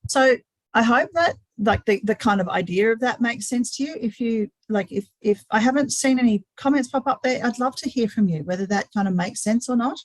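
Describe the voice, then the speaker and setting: A woman's voice: a little high, fairly quick, dry recording, low-quality recording. Earnest woman hosting a webinar. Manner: earnest, repeats words while thinking aloud. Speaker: webinar host. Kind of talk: live-streamed webinar talk.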